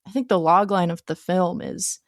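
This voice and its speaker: A woman's voice: lowish voice, fairly even intonation, normal speed, no room sound, clean studio sound. A young woman co-hosting a casual film podcast, eagerly retelling scenes she loved. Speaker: podcast co-host.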